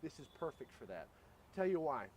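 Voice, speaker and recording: Casual grill host, male, slightly higher voice, joking and chatty, faint outdoor noise behind. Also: big pitch swings, brisk, darkish tone. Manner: joking, chatty, addresses viewers as guys. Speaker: grill cooking show host. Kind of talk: casual cooking demo.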